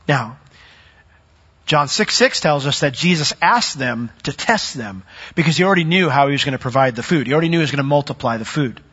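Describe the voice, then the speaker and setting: A man preaching a sermon, animated, who acts out the voices of the people in his story. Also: on the high side, fast, husky, big-room sound. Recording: dull lo-fi recording.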